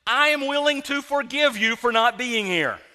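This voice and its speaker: A man voicing an indignant, sarcastic grieving woman who scolds in a shrill, drawn-out, exasperated way. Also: animated, sharp tone, long reverb tail, exaggerated voice.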